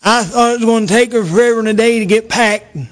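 A man telling a folksy stand-up story in a drawling, deadpan way. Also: high-pitched, fast talker. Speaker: comedian.

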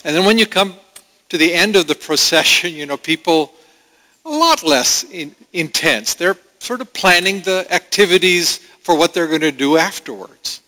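Pastor guy preaching, bright clear tone, kinda high, long echo of a big hall. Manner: earnest, pausing, with restarts. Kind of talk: sermon.

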